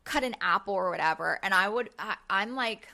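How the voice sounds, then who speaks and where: A woman's voice: medium pitch, brisk, vocal fry. A woman in her thirties co-hosting a casual podcast chat, telling stories with acted-out voices and casual swearing. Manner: animated storyteller, acts out voices, swears casually. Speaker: podcast co-host. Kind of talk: casual chat recapping a reality show.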